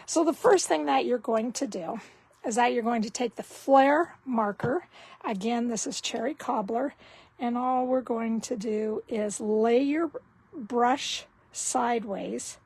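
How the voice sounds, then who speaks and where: A woman giving a casual card-making tutorial, talking slowly and thinking aloud as she works. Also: on the high side, creaky, darkish tone, slightly rough, no echo, rough recording.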